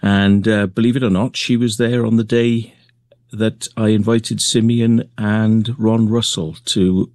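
A man being interviewed, talking in a relaxed way with many pauses and fillers. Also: on the low side, no echo. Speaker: guest, crop circle maker. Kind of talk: remote interview.

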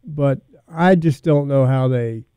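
A male radio host in casual talk, speaking in a measured, hesitant way and taking callers. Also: medium pitch, dark tone, clean tone, no echo. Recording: dull lo-fi band, dry.

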